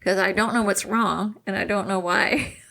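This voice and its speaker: A woman's voice: mid-range voice, fairly even intonation, a little slow, vocal fry, a bit bright. A woman in her forties co-hosting a casual podcast, talking candidly and laughing often. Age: 40s. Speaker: podcast co-host. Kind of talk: casual chat.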